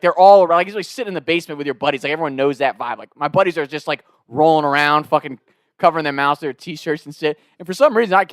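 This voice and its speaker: A young-sounding man spins a comedic story in a loose, rambling way, full of swearing and fillers. His voice sits a bit high for a man. The sound is dry and close. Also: no echo. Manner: profane, rambling, excitable.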